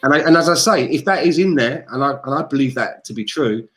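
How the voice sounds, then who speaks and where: A man's voice: mid-range voice, animated, fast, a bit bright. A man, co-hosting a football podcast, ranting and swearing in exasperation. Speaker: podcast co-host. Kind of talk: casual football fan chat.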